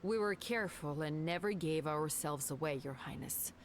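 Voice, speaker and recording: Woman acting a palace guard captain, game dialogue, formal, deferential, lowish voice. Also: moderate pace, a little hiss or hum, natural voice. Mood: formal, pleading.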